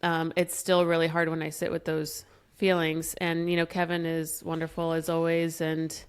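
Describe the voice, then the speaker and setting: A woman's voice: sits low, completely flat delivery, moderate pace, clear, resonant tone. A young woman co-hosting a podcast, telling personal stories in a candid, emotional way and laughing often. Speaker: podcast co-host. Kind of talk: casual chat.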